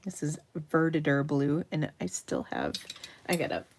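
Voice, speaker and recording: A woman's voice: deep voice, big pitch swings, moderate pace, noisy background. A middle-aged woman hosting a painting tutorial in a chatty, self-deprecating way, laughing often. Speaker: craft tutorial host. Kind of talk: casual painting demonstration.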